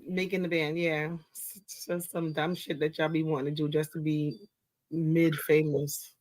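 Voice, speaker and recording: A man's voice: fairly high pitch, little pitch movement, normal speed, darkish tone, dry recording. A man co-hosting a podcast, talking bluntly and profanely, mocking what he sees. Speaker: podcast co-host. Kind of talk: casual chat.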